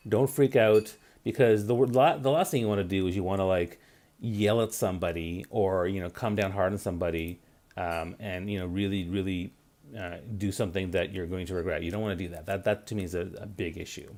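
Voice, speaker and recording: Low-voiced man in his forties, chatty. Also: fairly even intonation, a little fast, a little mellow. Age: 40s. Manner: loose and conversational, many fillers and restarts. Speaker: host of a live career-advice broadcast. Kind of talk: casual live-stream talk.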